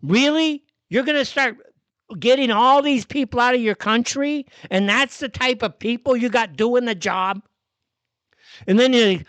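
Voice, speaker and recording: A man's voice: very high-pitched, normal speed, fairly bright tone, clear, resonant tone, no echo. A man hosting a live commentary show, ranting bluntly and swearing often.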